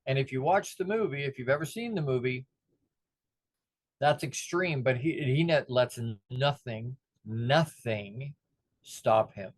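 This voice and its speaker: A man's voice: medium pitch, measured pace, dry recording. A middle-aged man giving a motivational talk, telling stories and acting out the voices of the people in them. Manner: animated, acts out the voices of people in his stories. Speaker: motivational speaker.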